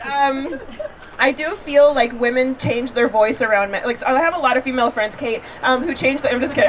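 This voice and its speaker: A man's voice: very high-pitched, expressive, a little fast. A man doing a stand-up set in an outdoor backyard, campy and flamboyant, teasing the crowd. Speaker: stand-up comedian. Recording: loud audience laughter. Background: crowd laughing.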